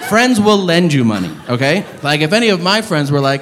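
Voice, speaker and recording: A man telling a profane stand-up story, with loud outbursts when he acts out the people in it. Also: fairly high pitch, big pitch swings, fairly quick, hardly any pauses. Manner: profane storytelling, acting out shouted characters. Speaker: stand-up comedian. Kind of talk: stand-up comedy set. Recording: live club, long reverb and room noise. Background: audience laughter.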